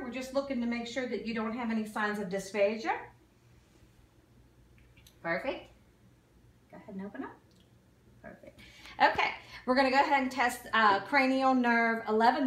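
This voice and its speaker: A woman's voice: on the high side, a bit bright. A woman giving a clinical exam and talking a patient through each step, sometimes tripping over medical terms. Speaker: nursing student performing an exam. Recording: echoey room, mic far off.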